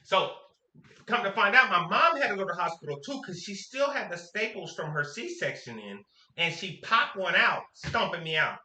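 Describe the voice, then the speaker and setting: A man's voice: sits high, moderate pace. A man from Sacramento telling a story to camera in a casual, slangy way, acting out the quotes. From Sacramento, California. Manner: animated, slangy, acts out quotes. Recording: echoey room.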